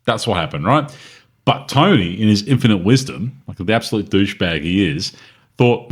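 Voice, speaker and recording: A man with a fairly low voice talks in a casual podcast. He grabs the floor and recaps with animated, punchy energy. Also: moderate pace. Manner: animated, takes over the story. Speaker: podcast co-host. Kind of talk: casual chat, recapping a film.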